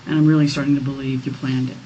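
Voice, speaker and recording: A woman's voice: a bass voice, level tone, very fast, dark tone, lo-fi sound. Firm woman detective in an interrogation room. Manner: firm, repetitive, accusatory. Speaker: police detective. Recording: distant mic in a noisy interrogation room.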